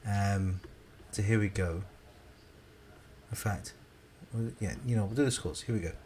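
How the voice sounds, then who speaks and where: A man hosting a live quiz in a rambling, jokey and relaxed way. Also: on the low side, a little slow, a little hiss or hum. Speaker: quiz host.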